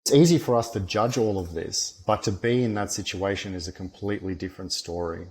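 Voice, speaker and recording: A man's voice: low-pitched, fairly even intonation, fairly quick, hardly any pauses, darkish tone. A man, a former soldier, talking bluntly and rambling in a casual podcast chat, swearing constantly.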